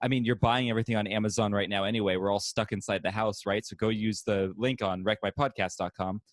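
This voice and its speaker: A man's voice: lowish voice, fairly even intonation, fast, dry recording. A man hosting a casual podcast from home, chatting, laughing often and running through the show's plugs. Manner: laughs often while plugging the show. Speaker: podcast host. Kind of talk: casual chat and show plugs.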